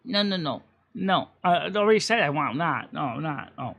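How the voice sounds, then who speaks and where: A man with a high, bright and ringing voice talks straight to his channel in a casual monologue. He rants with plenty of swearing, jumps into the voices of the people in his stories, and swings between loud outbursts and quiet, earnest stretches. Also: expressive, normal speed, gravelly. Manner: heated, profane ranting that flips into quoted voices. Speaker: channel host. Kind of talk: casual talking-head monologue.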